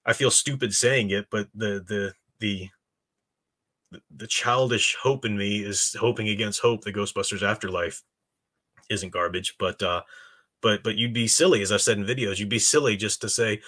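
Rambling through an opinionated live-stream chat at normal speed, a man with a bright, forceful, slightly low voice reads chat as host. He often stops and restarts sentences before landing blunt points and turning to viewers for answers.

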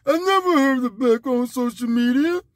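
A man putting on a high, whining voice to play a clueless, complaining adult man. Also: moderate pace, no echo, studio quality.

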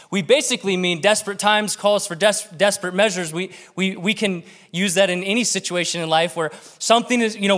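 A male pastor gives a sermon to his congregation in a church. He talks in a loose, chatty way and slows down when he reads scripture aloud. His voice sits a little higher than most men's. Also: fairly bright tone. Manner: conversational preaching, slows down for scripture reading.

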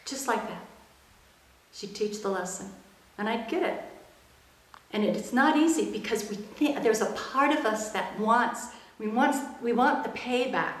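A woman's voice: a little high, expressive, measured pace. Middle-aged woman, interview guest, earnest and reflective storyteller, echoey room. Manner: earnest, reflective, softens into quiet quoted speech. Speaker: interview guest, emotional intelligence expert.

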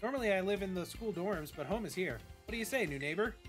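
A man's voice: high voice, animated, fast talker, soft background music, voice pushed up. A man voicing a bubbly, pushy young female student who loves battling, while reading game dialogue aloud. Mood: eager.

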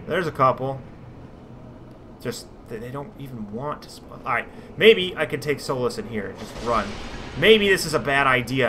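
A man giving sarcastic let's play commentary over a game, breaking into shouted rants. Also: medium pitch, slight background noise. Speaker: gaming commentator.

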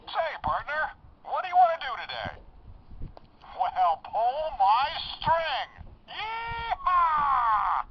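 A cheerful cowboy sheriff toy with a folksy drawl, whooping now and then. His voice swings widely up and down while he drawls slowly. It plays through a tinny little toy speaker with a faint hiss behind it. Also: very high voice, wildly swooping pitch, heavily acted. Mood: cheery.

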